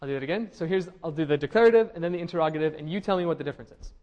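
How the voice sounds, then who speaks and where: A man's voice: a little high, lively intonation, very fast, darkish tone, muffled recording. A man teaching a linguistics class, explaining step by step and often checking in with his students. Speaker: linguistics lecturer. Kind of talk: classroom lecture.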